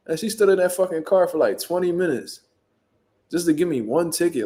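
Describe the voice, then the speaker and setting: A young man tells rowdy, profane stories with lots of energy, acting out the people in them. His voice sits a bit high for a man but sounds dark and mellow. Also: a little fast. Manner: profane, animated street storytelling with acted-out quotes. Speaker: show host. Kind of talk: casual storytelling.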